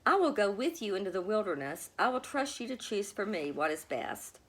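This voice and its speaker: A woman voicing a frightened, tearful young woman pilgrim in a storybook reading, pleading in a high, wavering voice. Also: big pitch swings, unhurried.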